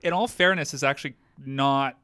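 A man's voice: mid-range voice, normal speed, pushed and bright, smooth, no echo. A man, co-hosting a podcast in an easygoing, joking chat. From Canada. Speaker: podcast co-host. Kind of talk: casual chat.

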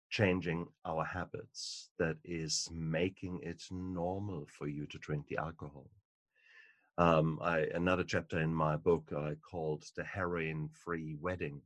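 A male author speaking as a guest on a podcast. His voice is low, and he talks emphatically, repeating words for stress. The sound is dry and close. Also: no echo. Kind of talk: podcast conversation.

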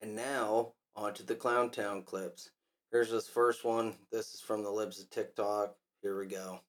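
A man's voice: fairly low pitch, flat delivery, measured pace. A man hosting a commentary podcast, talking in a scornful, mocking way. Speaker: podcast host.

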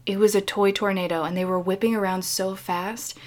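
A woman retelling a film plot in casual chat, animated and acting out the characters. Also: mid-range voice, brisk. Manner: animated storytelling, acting out voices.

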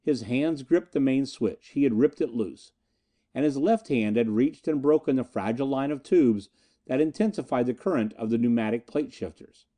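A man's voice: mid-range voice, warm tone. Dramatic male audiobook narrator. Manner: dramatic, tense storytelling. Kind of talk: scripted first-person narration.

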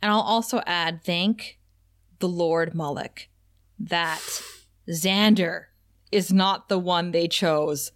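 A woman's voice: lowish voice, slow pace. A woman co-hosting a podcast, chatting casually about a TV episode in a wry, joking way and laughing often. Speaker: podcast co-host. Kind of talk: casual chat recapping a TV episode.

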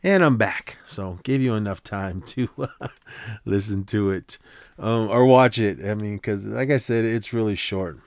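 A man's voice: on the low side, unhurried, darkish tone, clean tone, no room sound. A man hosting a podcast, casually recapping a short film in a rambling way, with frequent fillers and restarts. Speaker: podcast host.

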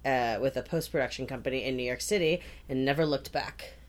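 A woman's voice: very deep voice, brisk. A young woman co-hosting a podcast, telling stories casually with many fillers. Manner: relaxed, filler-heavy storytelling, lots of "like" and "um". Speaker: podcast co-host. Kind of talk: casual chat.

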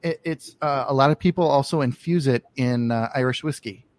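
A man's voice: medium pitch, a little fast. Guy hosting a chat show, lots of ums and restarts, just regular mid voice. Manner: hesitant, lots of fillers and restarts. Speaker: podcast host. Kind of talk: casual interview chat.

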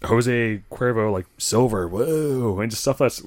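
A man in a casual chat, quick to react and laugh along. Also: medium pitch, darkish tone.

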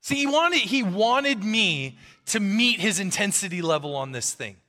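A man preaching a sermon as pastor, animated and conversational, acting out quotes from the people in his stories. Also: sits high, measured pace, in a large hall.

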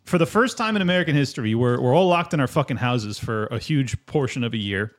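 A man co-hosting a casual podcast, ranting quickly and swearing as he makes his points. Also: mid-range voice, lively intonation. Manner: fast, profane, ranting. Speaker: podcast co-host.

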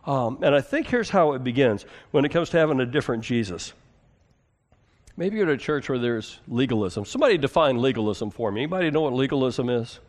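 A man preaching a sermon as a pastor, conversational, asking the congregation questions and moving between emphatic and hushed delivery. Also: medium pitch, expressive, a little fast.

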